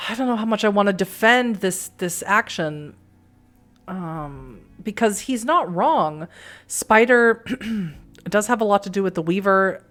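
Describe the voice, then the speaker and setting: A woman's voice: medium pitch, animated, a little slow, fairly bright tone. A middle-aged woman from the Boston area with a faint Boston accent, chatting and rambling to viewers while playing a story game. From Boston area, USA. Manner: chatty, rambling, frequent restarts and laughs. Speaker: streamer playing a narrative game. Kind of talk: let's play, reading aloud and chatting with viewers.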